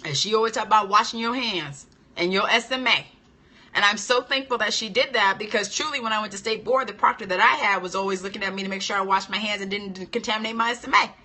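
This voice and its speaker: A woman hosting a casual live-stream chat as an esthetician trainer. She is chatty and animated, answers viewer comments, and laughs often. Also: medium pitch, quick pace. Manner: playful and expressive, laughs often.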